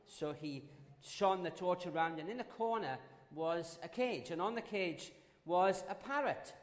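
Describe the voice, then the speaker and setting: A man preaching a sermon, opening with a joke, telling it in a relaxed way with fillers and restarts. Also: high-pitched, unhurried, in a large hall. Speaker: pastor.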